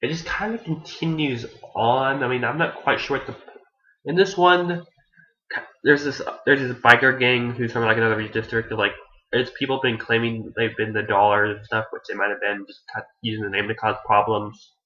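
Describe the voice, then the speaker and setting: A man's voice: medium pitch, fairly even intonation, normal speed, bright, forceful tone. Rambling man on a muffled recording. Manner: rambling, hesitant, frequent restarts and casual swearing. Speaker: anime reviewer. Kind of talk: casual spoken review.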